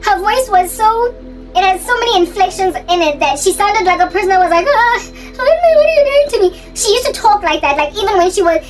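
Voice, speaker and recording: A young woman telling a school story in a casual, animated, giggly way. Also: extremely high pitch, faint music behind. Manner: giggly, animated, quick asides. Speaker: channel host.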